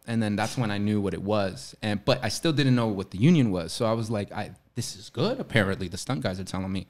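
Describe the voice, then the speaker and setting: A man from Florida with a fairly low voice, telling a story on a podcast. He is a guest actor who acts out each character's lines as he goes. His delivery is lively and chatty. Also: fast, hardly any pauses. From Florida, USA. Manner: animated storyteller who acts out dialogue, often laughing.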